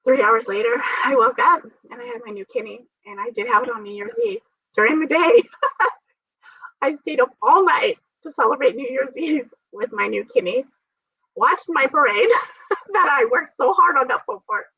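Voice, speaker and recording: A transplant survivor tells her story in an interview, earnest and full of faith, often breaking into laughter. Her high, sing-song voice is gravelly and slightly rough at a moderate pace, recorded dull and dry by a distant mic with no room sound.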